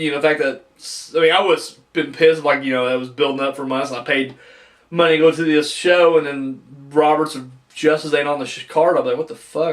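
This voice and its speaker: Rambling man, a little far from the mic. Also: mid-range voice. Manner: rambling, frank, swears freely, many fillers. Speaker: wrestling reviewer. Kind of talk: casual spoken review.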